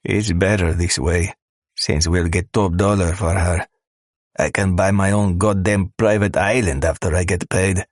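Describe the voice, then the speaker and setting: A man voicing rough, gruff smugglers. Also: deep voice, steady tone, unhurried, no echo, studio quality. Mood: greedy. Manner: crude, menacing, tough-talking. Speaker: audiobook narrator. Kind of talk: scripted audiobook narration.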